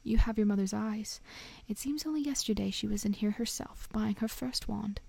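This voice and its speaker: A woman voicing a soft-spoken, eerie old male wandmaker in a hushed, breathy whisper in a storybook reading. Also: medium pitch, normal speed. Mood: hushed, wistful.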